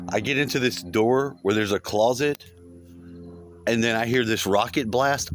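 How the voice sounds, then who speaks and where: A man's voice: medium pitch, moderate pace, slight background noise. A man telling a long dream in a rambling, casual monologue, swearing often and repeating himself. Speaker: vlogger recounting a dream.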